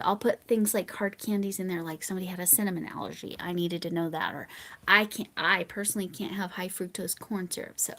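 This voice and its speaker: An American woman hosts a live stream in a casual, chatty way, picking up viewer comments as she goes. Her talk wanders and often sinks into soft, half-mumbled asides. She speaks at an average pitch for a woman. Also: slight background noise. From United States. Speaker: livestream host.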